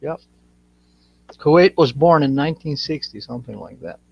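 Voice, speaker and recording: A man's voice: fairly high pitch, lively intonation, moderate pace, creaky, a little hiss or hum. A man from Iraq, chatting on a podcast as a co-host, rambling and swearing freely as he tells stories. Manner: profane, rambling storyteller. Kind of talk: casual chat. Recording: dull lo-fi sound.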